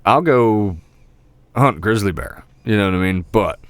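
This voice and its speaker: Low-voiced, lively, profane man. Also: measured pace, clear, resonant tone, no room sound. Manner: profane, animated storyteller, laughs often. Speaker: podcast co-host. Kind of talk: casual chat.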